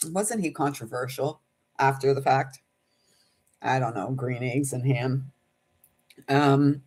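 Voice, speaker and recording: A woman giving a slow, rhyming spiritual message, emotional and close to tears, laughing at herself between lines. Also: extremely low pitch, darkish tone. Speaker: intuitive reader.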